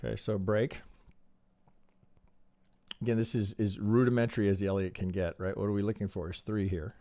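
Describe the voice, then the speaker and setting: A man reviewing trading charts on a live stream, talking in an animated, rhetorical way with frequent restarts and tag questions. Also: fairly low pitch, brisk.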